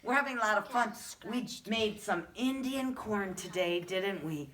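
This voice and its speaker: A woman's voice: mid-range voice, lively intonation, measured pace. A woman teaching a phonics lesson to preschool children in a classroom, talking through a face mask and coaxing the class with questions in a sing-song way. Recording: loud noisy classroom recording.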